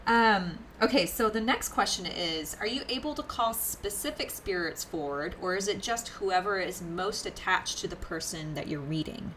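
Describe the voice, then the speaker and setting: A woman's voice: on the low side, animated, moderate pace, few pauses, fairly bright tone, a little hiss or hum, rough recording. A woman hosting a casual interview, reacting with enthusiasm and frequent laughter. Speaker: interview host.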